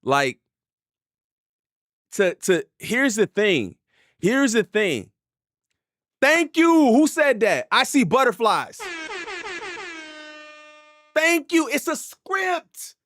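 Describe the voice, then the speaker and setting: Animated male reaction streamer, high and lively, dry sound. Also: drawn-out words, long pauses, no echo. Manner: animated, repeats himself, laughs often. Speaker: hip hop reaction streamer. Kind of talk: live stream reaction commentary. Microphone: desk mic.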